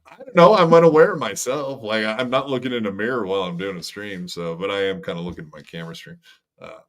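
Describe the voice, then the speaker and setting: A middle-aged man riffing on a podcast, swearing freely and breaking into quick mock voices of the people he's making fun of. His tone is loose, teasing, and conversational. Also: lowish voice. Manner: profane, joking, mimics people mid-sentence. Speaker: podcast co-host. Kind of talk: crude casual banter over stream clips.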